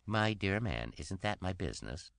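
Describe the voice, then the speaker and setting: A man's voice: sits low, big pitch swings, normal speed, vocal fry, fairly bright tone, no room sound, voice pushed up, exaggerated voice. A man voicing a teasing, flippant young woman with an airy, mocking manner.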